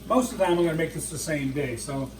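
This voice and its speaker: A man's voice: on the high side, animated, fast, a little hiss or hum, poor audio. A middle-aged man hosting a home cooking show, talking in a chatty, folksy way with plenty of fillers and restarts. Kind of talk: casual cooking demonstration. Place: home garden, then a home kitchen.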